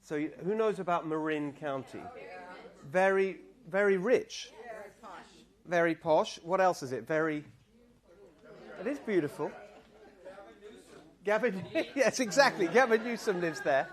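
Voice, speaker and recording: A man's voice: high voice, measured pace, pauses often. Chatty British man giving a campaign talk. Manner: chatty, self-deprecating, banters with the crowd. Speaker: political candidate. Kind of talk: campaign speech to a crowd. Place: barbecue restaurant event.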